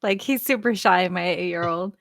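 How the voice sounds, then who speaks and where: A woman's voice: lowish voice, normal speed, creaky, no room sound, clean studio sound. A woman in her thirties chatting casually on a stream, rambling through stories and laughing often. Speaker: guest co-host. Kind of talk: casual chat on a live stream.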